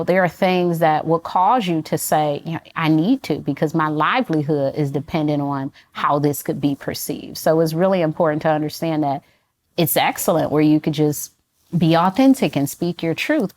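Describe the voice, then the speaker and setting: Female guest expert, deep voice, calm and clear explainer. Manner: measured, clear, teacherly explanations. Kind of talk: calm explanatory interview talk.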